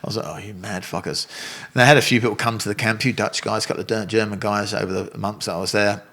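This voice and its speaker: A man's voice: fairly low pitch, racing. An older man telling stories in a casual interview, swearing freely and acting out other people's voices. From England. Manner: animated storyteller, swears freely, acts out voices. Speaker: guest, Muay Thai fighter and coach.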